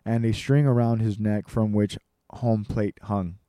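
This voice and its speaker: A man reading a personal story aloud, measured and with dramatic pauses. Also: lowish voice, steady tone, warm tone, no echo, clean studio sound.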